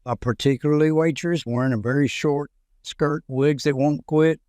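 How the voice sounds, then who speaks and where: A man narrating a string of scripted jokes in a steady storytelling delivery. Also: on the high side, moderate pace, no room sound, clean studio sound. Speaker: joke narrator.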